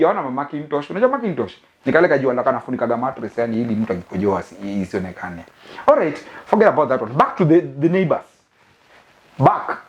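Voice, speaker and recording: A man's voice: on the high side, dull audio. A young Kenyan man hosting a comic monologue, mixing English and Swahili slang and laughing often. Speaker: host. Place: living room of a new house.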